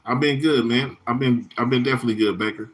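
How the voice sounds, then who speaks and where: Guy rambling on his livestream, swears a lot, slangy, talks back to chat, average pitch. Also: steady tone, fast talker. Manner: rambling, profane, slangy, answers chat comments by name. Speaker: livestream host. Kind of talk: casual livestream chat with viewers.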